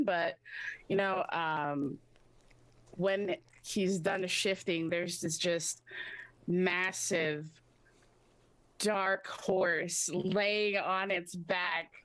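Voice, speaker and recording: Woman player describing her character, lowish voice, slow, lots of ums and giggles. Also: a bit bright, dry recording. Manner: hesitant, many fillers, giggly.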